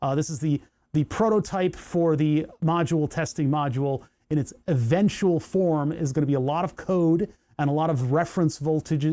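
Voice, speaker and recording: A man's voice: fairly high pitch, mellow. A man hosting his electronics hobby channel, chatting casually at his workbench in a rambling way with sarcastic asides and many restarts. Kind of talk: casual workbench chat to camera.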